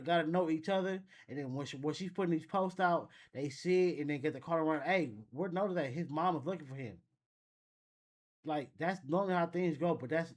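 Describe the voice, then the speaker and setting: A man hosting a reaction video, musing casually and thinking aloud with frequent restarts. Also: fairly high pitch. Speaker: reaction channel host.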